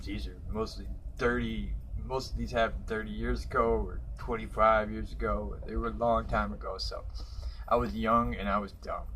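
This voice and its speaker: A man's voice: lowish voice, bright, forceful tone, a little hiss or hum, poor audio. A man, telling stories casually to his viewers, rambling with lots of fillers and chuckling mid-sentence. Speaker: vlogger. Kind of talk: casual storytelling.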